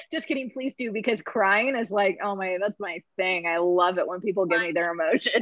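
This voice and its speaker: A young woman on a podcast, telling a personal story in emotional casual chat, halting with many fillers and laughing through tears. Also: medium pitch, big pitch swings, a bit bright, no room sound. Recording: dull lo-fi sound.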